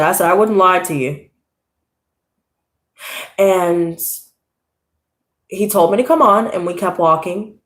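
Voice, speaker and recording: A woman's voice: lowish voice, fairly bright tone. A young woman casually telling a personal story, rambling and swearing, with a lot of "you know" and "like". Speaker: tarot channel host. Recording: echoey room.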